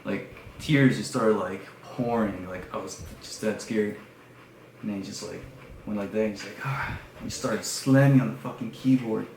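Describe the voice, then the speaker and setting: A man on his podcast, casually telling a story in an animated way, with lots of fillers and hushed passages. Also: lowish voice, moderate pace. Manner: animated retelling with many fillers, dropping to hushed tones. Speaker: podcast host. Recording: echoey room with faint background noise.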